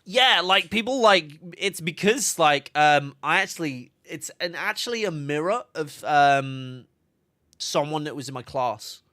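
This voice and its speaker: A man's voice: fairly high pitch, expressive, unhurried, bright, forceful tone, no echo. A man, chatting casually on a game livestream, laughing often and reading chat aloud. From England. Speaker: game streamer.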